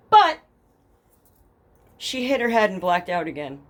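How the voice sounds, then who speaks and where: Young woman with a Jersey accent as a casual true crime host, blunt, sarcastic, swears freely, medium pitch. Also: sing-song, slow pace. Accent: New Jersey. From New Jersey. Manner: blunt, profane and sarcastic, reads case documents then mocks them. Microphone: headphones with a home mic.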